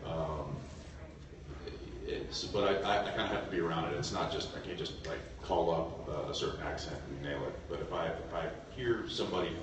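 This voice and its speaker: A man's voice: very deep voice, fairly quick, a crowd in the background. A man on a convention panel, telling a rambling story with many restarts and laughs. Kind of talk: casual stage talk. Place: large convention hall. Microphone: phone stream from the audience. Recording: echoey hall from far off, noisy.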